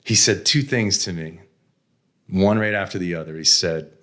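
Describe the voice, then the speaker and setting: A middle-aged man from the United States with a very low voice tells stories from his working life. He talks bluntly and casually, mocking himself and laughing now and then. His manner is frank and conversational, with the odd swear word. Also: moderate pace, fairly bright tone. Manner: blunt, self-deprecating, laughs often, mild swearing. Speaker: interview guest, venture investor. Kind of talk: candid conversational storytelling.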